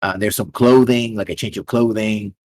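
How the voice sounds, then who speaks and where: A man narrating as game master of a tabletop game, describing scenes in a halting, rambling way. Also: fairly low pitch, fairly even intonation, darkish tone.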